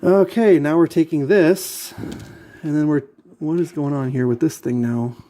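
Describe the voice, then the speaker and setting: In a slightly high, mellow voice at normal speed, a man mutters through assembling a model kit for his vlog. The casual talk is exasperated and repetitive.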